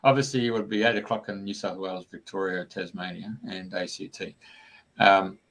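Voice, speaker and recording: A man hosting a broadcast in a relaxed, informal way. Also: low-pitched, moderate pace. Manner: relaxed, informal sign-offs. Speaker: radio host. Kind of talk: casual broadcast chat.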